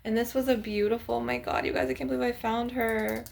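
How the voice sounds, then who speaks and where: A woman's voice: a little high, little pitch movement, fairly quick, gravelly, darkish tone, a little hiss or hum. A young woman vlogging casually to her viewers, rambling with lots of "like" and "you guys" as she shows off her crystals. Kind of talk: casual chat to camera.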